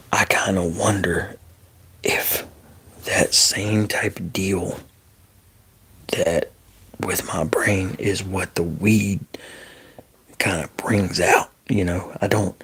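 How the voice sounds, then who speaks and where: Gravelly whispering man on a livestream. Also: deep voice, fairly bright tone. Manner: whispering often, swears heavily, gets heated. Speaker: ASMR livestream host. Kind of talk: casual live chat reading comments.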